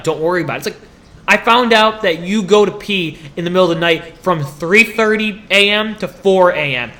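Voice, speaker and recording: Young man, high voice, bright and tense tone, animated solo podcast rant, complaining and laughing. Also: moderate pace. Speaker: podcast host.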